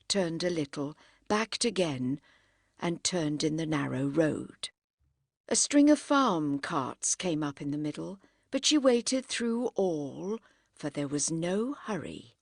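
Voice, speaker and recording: A woman narrating a classic novel as an audiobook, measured and expressive. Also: on the low side, no room sound, studio quality.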